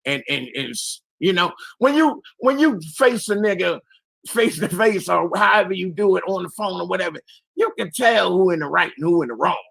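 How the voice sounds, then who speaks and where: A hoarse man in his sixties with a gravelly, strained voice that sits a little high. His tone is bright and forceful, he talks bluntly and emphatically, and he swears a lot. The sound is dry and close. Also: lively intonation, moderate pace, no room sound. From Philadelphia area, US. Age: 60s. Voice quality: raspy, strained voice. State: hoarse after illness. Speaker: caller on a live panel show. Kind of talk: casual call-in talk.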